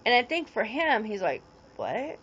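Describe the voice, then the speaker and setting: A woman's voice: mid-range voice, lively intonation, unhurried, lo-fi sound. A woman in her forties rambling casually on a livestream, greeting viewers and answering their comments as they come in. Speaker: livestream host.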